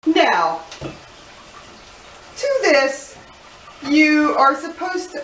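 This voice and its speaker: A woman hosting a home cooking vlog, talking casually, tasting food with drawn-out murmurs and cheeky, profane asides. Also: on the high side, animated. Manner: playful, cheeky and profane, savoring food aloud. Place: home kitchen. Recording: echoey room, mic at a distance, faint noise.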